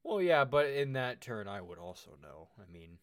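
A man with a mid-range voice co-hosts a casual podcast. He jokes loudly and then drops into soft, mumbled asides, trailing off as he goes. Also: mid-range voice, sing-song, normal speed, smooth, dry recording. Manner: loud, jokey, often trailing off into quiet asides. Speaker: podcast co-host.

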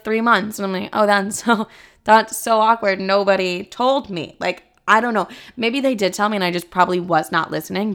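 Woman, twenties, casual storytime, chatty, quick, laughing asides. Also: mid-range voice, a bit bright, smooth. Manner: chatty, fast, laughing, lots of "like".

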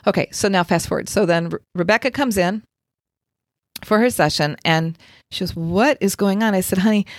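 A woman's voice: lowish voice, dry recording, studio quality. A middle-aged woman, a Reiki practitioner, telling a story in casual chat and acting out the voices of the people in it.

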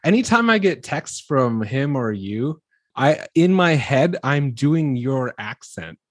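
A man's voice: medium pitch, big pitch swings, slow pace, dry recording. A man from Wisconsin talks with a strong Midwestern accent and its hard R's. He co-hosts a podcast and chats casually, teasing and laughing often. The sound is dry and close, with no room around it. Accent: Wisconsin (Midwestern American). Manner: joking, laughs often, jumps into voices. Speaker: podcast co-host. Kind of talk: casual chat.

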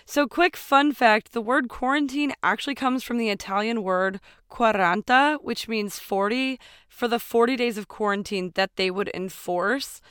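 A woman's voice: fairly high pitch, normal speed, fairly bright tone, clear, resonant tone, no room sound, clean studio sound. A woman co-hosting a casual history podcast, explaining with playful, sarcastic asides and laughter. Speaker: podcast co-host.

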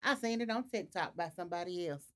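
A woman talking quickly and eagerly in casual chat. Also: lowish voice, animated.

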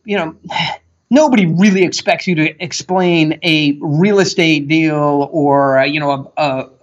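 A man guest on a talk show, telling stories and acting out what people said in a lively, animated way. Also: fairly high pitch, unhurried. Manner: animated storyteller, acts out quotes. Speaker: podcast guest expert. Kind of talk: casual interview talk. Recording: dull lo-fi sound.

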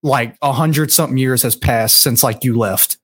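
A man's voice: medium pitch, normal speed, fairly bright tone, husky. A man in casual chat, loosely recapping a show's plot. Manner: laid-back, loose retelling with acted quotes. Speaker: podcast co-host.

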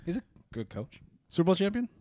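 A man co-hosting a laid-back podcast chat, his voice swinging widely in pitch as he jokes and teases. He sits a little high for a man and swears casually. The sound is close and dry. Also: fast, no echo. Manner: animated, laughs often, swears casually. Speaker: podcast co-host. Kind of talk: casual chat over beers.

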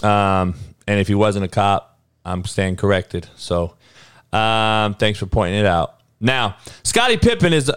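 Livestream host guy, cussing and stammering, firing questions at chat, smooth clear voice, dry close sound. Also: fairly low pitch, animated, measured pace, a bit bright, no room sound. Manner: heated, profane, rhetorical questioning; frequent restarts and stammered repeats. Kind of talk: casual livestream talk answering chat.

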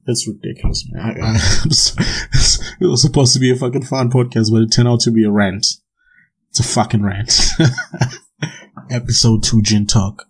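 A man's voice: mid-range voice, steady tone, moderate pace, slightly rough, low-quality recording. A young man hosting his podcast solo, ranting casually with swearing, laughter and frequent restarts while sipping gin. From South Africa. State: drinking gin while talking. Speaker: podcast host.

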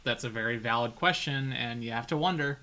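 Guy cohost with a bright sharp voice, laying out the plot. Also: medium pitch, a little fast. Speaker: podcast co-host. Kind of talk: casual TV recap chat.

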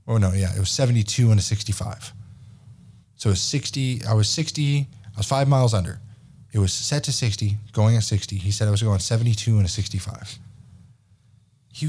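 Man, thirties, podcast host, casual story, swears a lot, mellow low voice. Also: slightly rough. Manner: animated, profane, acts out quoted dialogue.

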